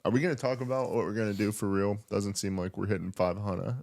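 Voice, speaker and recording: A man's voice: fairly low pitch, steady tone, fast talker, creaky, a little mellow. A young man co-hosting a podcast in casual chat, goofy and laughing often, slipping into silly voices. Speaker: podcast co-host.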